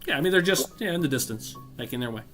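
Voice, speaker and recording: A man runs a tabletop game, rambling through his descriptions with plenty of fillers and restarts. His voice is bright and forceful, and faint music sits in the background. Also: mid-range voice, animated, rapid-fire. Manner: rambling, full of fillers and self-corrections. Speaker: game master.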